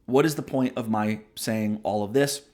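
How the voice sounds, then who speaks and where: A man's voice: on the low side, moderate pace, dark tone. A man hosting a book review show, explaining ideas in casual spoken commentary, often checking in with "right?" and admitting when he digresses. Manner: conversational, explains ideas with frequent "right?" tags; self-aware digressions.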